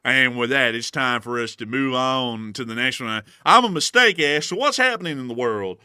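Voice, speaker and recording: A man's voice: mid-range voice, lively intonation, moderate pace, bright, forceful tone, smooth, no echo, clean studio sound. A young man co-hosting a live news stream, upbeat and chatty as he thanks supporters, laughing often. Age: young adult. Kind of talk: live-stream super chat thank-yous.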